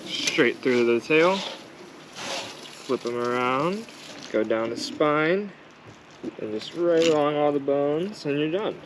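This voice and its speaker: A man's voice: fairly high pitch, expressive, takes it slowly, pauses often, noisy background. A man talking casually and matter-of-factly, walking viewers through a task step by step. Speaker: vlogger. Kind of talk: casual how-to narration.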